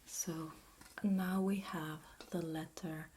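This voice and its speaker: A woman's voice: sits low, fairly even intonation, slow, a little mellow, slight background noise. An Italian woman with an Italian accent, whispering a patient language lesson as ASMR, drawing out words for the listener to repeat. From Italy. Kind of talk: whispered role-play.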